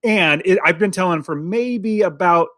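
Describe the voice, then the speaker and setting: Young male co-host, rambling and laughing, high voice, dead dry room. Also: moderate pace, a bit bright, no echo. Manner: rambling, laughing, many fillers. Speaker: podcast co-host. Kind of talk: casual chat. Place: basement.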